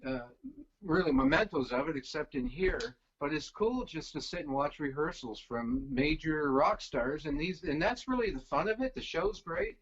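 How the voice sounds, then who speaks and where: A man's voice: a little high, sing-song, moderate pace, slightly rough, highs cut off. A middle-aged man telling stories in casual chat, rambling with many fillers and restarts. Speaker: guest, venue stage crew. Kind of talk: casual storytelling.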